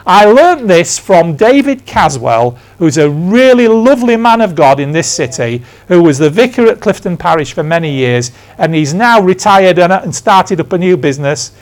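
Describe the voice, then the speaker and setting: A high, sing-song voice at a moderate pace, barely pausing, belongs to a man from England in his sixties. He preaches a conversational sermon in church, telling stories and tossing in emphatic, self-deprecating asides.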